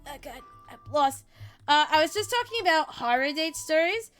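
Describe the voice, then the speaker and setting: A woman streamer chatting casually on a live stream, energetic, swearing freely and giggling. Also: sits high, moderate pace, soft background music.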